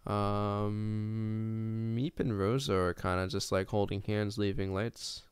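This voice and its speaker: A man's voice: fairly low pitch, level tone, slow, smooth, no echo. A man streaming a party game, talking casually with other players about who to trust. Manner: hums a theme tune while playing. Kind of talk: casual gameplay chat.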